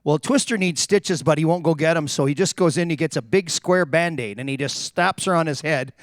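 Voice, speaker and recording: A man with a fairly high voice tells hockey stories with lots of energy, jumping into the voices of the people he quotes. The sound is close and dry, with no room around it. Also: a little fast, dry recording. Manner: animated anecdotes, acts out quotes. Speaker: retired hockey player telling stories. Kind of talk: storytelling on a live stream.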